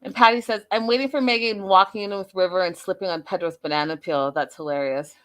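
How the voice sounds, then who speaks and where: A woman's voice: medium pitch, quick pace. Chatty woman hosting a show recap. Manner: chatty, animated, laughing often. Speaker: host of a reality show recap. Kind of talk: casual recap chat with live chat.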